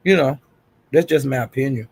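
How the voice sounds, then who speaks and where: A man's voice: mid-range voice, normal speed, slightly rough. A man hosting a casual livestream, gossiping and greeting viewers in the chat, calling them honey and child. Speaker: livestream host. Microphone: streaming setup.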